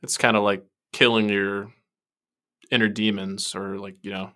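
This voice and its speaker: Bright-voiced man chatting animatedly. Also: fairly low pitch, normal speed. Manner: animated, laughs often, quotes lines with put-on voices. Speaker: podcast co-host. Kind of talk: casual podcast discussion.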